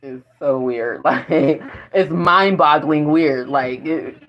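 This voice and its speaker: A woman's voice: sits low, takes it slowly. A woman vlogging in a casual spiritual monologue, rambling and profane, often breaking into laughter. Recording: dull lo-fi recording.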